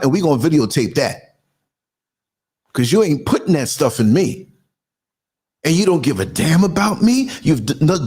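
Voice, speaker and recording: A man in his sixties who rants with fire and indignation. His voice sits high for a man and swings widely, and he leans hard on every point he makes. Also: creaky, a little mellow, slightly rough. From United States. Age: 60s. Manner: fiery, indignant, emphatic. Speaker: podcast host and culture critic. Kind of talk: ranting monologue.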